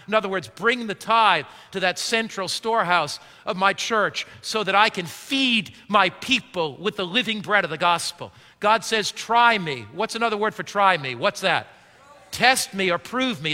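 High, bright-voiced pastor preaching in a hall. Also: male voice. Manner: call-and-response questions to the congregation. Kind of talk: sermon.

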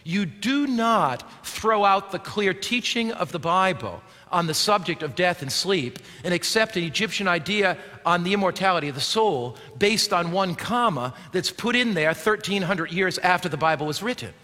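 A man preaching a sermon as pastor, swinging from emphatic shouts to low, quiet passages. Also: animated, moderate pace, hardly any pauses, big-room sound.

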